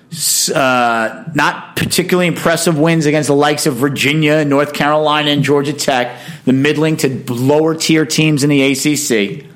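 A man hosting a casual sports talk show, giving emphatic, opinionated commentary in a chatty monologue. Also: on the high side.

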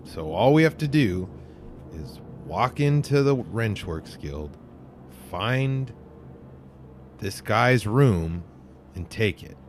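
A man playing a tabletop game, casual and deliberate, planning things out. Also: fairly low pitch, big pitch swings, a little hiss or hum. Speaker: player.

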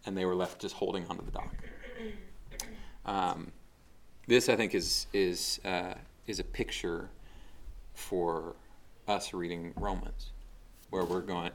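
A man's voice: sits low, fairly even intonation, takes it slowly, gravelly, pauses often. A man preaching a casual, conversational sermon, with frequent fillers and restarts as he talks through a passage. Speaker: pastor.

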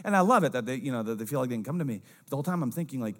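This young-adult pastor delivers a relaxed sermon very fast with lively intonation, going soft and low on asides and booming for emphasis.

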